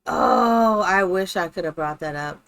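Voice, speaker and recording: A woman's voice: fairly low pitch, measured pace, fairly bright tone, clean tone. A woman live-streaming, chatting casually and thinking aloud while she builds in a game, greeting her viewers by name.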